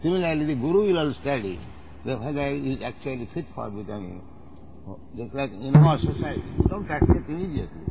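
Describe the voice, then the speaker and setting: A man's voice: medium pitch, animated, fast talker, creaky, very noisy. Emphatic male spiritual teacher, muffled tape. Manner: emphatic, corrective, repeats "no, no". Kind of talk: instructive conversation.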